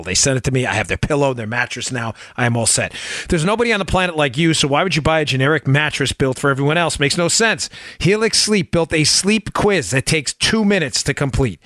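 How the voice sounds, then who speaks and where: A man's voice: fairly high pitch, fairly bright tone, no room sound. A man hosting his own talk podcast, brash and joking, bantering with his producer and reading an ad in a casual way. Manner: brash, joking, fast-talking. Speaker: podcast host. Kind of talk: casual political talk and ad read.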